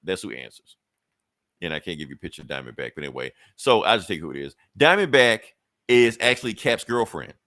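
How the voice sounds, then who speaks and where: A man recaps a comic episode on a podcast, rambling and swearing freely as he goes. His voice sits low, and the sound is dry and close with no room echo. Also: very animated, brisk, pushed and bright. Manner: loose, profane, rambling storytelling. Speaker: podcast co-host.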